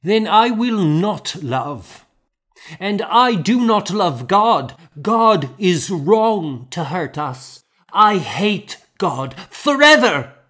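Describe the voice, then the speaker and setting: A man's voice: very animated, very slow, a bit bright, exaggerated voice. A man voicing a grieving, bewildered little girl in an audiobook reading. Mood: defiant. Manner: high, strained, pleading child voice.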